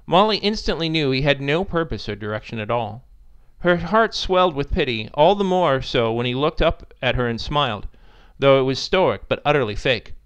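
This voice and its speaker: Man, narrator, story reading, lively pitch, smooth resonant voice. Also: moderate pace, lo-fi sound. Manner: expressive, animated storytelling. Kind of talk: audiobook-style story reading.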